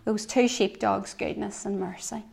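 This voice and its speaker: A woman giving a devotional sermon, earnest, swinging between soft reflective lines and emphatic ones. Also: mid-range voice, steady tone, unhurried, vocal fry, a little hiss or hum. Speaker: preacher.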